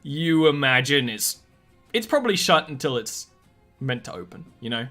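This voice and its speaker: A man running a tabletop game who narrates and rules in a loose, easygoing way. His voice is bright, and faint music plays behind him. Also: medium pitch, big pitch swings, moderate pace. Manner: easygoing, with many fillers and "kind of". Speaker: game master.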